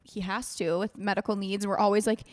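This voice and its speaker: A woman's voice: medium pitch, flat delivery, a little fast, big-room sound. A woman hosting a podcast, talking casually and gushing, with the odd swear word. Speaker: podcast host. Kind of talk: casual interview chat.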